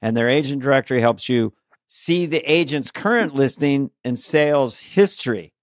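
A male podcast co-host with a middle-pitched voice and an upbeat, salesy delivery. The recording is dry and close. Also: animated, moderate pace, no room sound. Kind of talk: casual chat and ad read.

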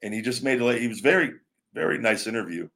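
A man's voice: medium pitch, lively intonation, quick pace, creaky, a bit bright. A middle-aged man hosting his own live show, chatting with viewers in a rambling way, often restarting his sentences and calling listeners brother or man, and teasing them playfully. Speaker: show host. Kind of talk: live-stream chat answering viewers.

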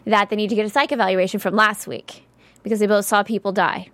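A woman's voice: mid-range voice, fairly even intonation, quick pace, fairly bright tone, no room sound. A woman from the American South chatting casually about a TV episode, thoughtful, with fillers and small stammers. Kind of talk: casual TV recap chat.

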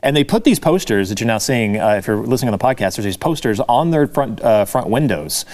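A man's voice: mid-range voice, lively intonation, fairly quick, darkish tone. A man co-hosting a talk show in casual chat, rambling with frequent restarts and sarcastic asides. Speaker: co-host.

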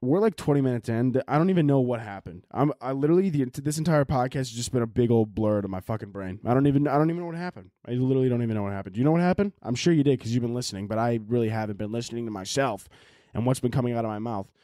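A man's voice: medium pitch, racing, dark tone, no echo, studio quality. A young man hosting a solo podcast, ranting in an exasperated, rambling, profane way. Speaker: podcast host. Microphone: laptop and camera audio.

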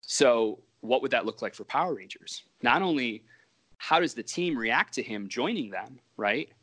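A man's voice: mid-range voice, lively intonation, normal speed, fairly bright tone. A comic book writer, a man, telling stories in a casual interview and rambling and interrupting himself as he talks.

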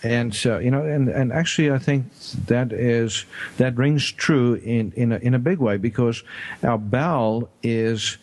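Halting male radio health host. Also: medium pitch. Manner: halting, many fillers and restarts, laughs easily. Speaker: radio show host, naturopathic doctor. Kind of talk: casual radio health chat.

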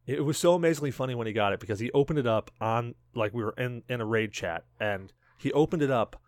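A man's voice: medium pitch, fast talker, no room sound, studio quality. A man co-hosting a podcast, telling a story in casual chat, laughing often and acting out what people said. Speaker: podcast co-host.

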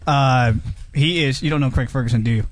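A man's voice: medium pitch, brisk. A man hosting a casual talk show, rambling and teasing as he jumps between topics. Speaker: host. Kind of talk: casual radio chat.

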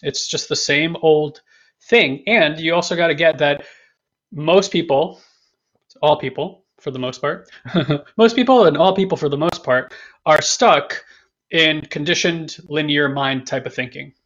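Man, podcast host, fairly high voice, rambling and jokey, dull lo-fi recording. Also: a little slow, a bit bright. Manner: rambling, repeats himself, jokey. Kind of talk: casual podcast talk. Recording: dull lo-fi sound.

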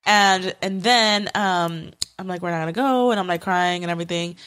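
A woman's voice: lowish voice, moderate pace, smooth. A young woman co-hosting a podcast, telling a story in casual chat with lots of fillers and cursing. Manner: animated storytelling, swears freely, lots of fillers. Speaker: podcast co-host.

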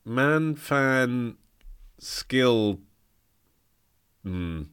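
Wry podcast host, animated voice. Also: male voice, mid-range voice, drawn-out words, clean tone, no room sound, studio quality. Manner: wry, facetious, sums things up. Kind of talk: casual chat.

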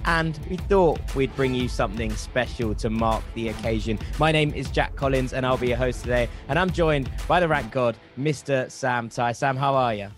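A man's voice: mid-range voice, normal speed, hardly any pauses, faint music behind. A man hosting a casual football podcast, rambling and wry, correcting himself as he goes. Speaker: podcast host.

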